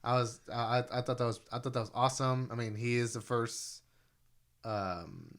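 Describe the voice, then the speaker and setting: A young man co-hosting a casual podcast, talking in an excitable rush with plenty of fillers, his voice jumping high when he gets thrilled. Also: moderate pace. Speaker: podcast co-host. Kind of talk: casual chat.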